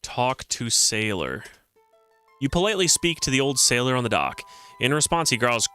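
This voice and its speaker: A man's voice: medium pitch, big pitch swings, normal speed, sharp tone, smooth, faint music behind. A man streaming a retro adventure game, joking around and reading the game's text aloud. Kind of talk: casual game commentary.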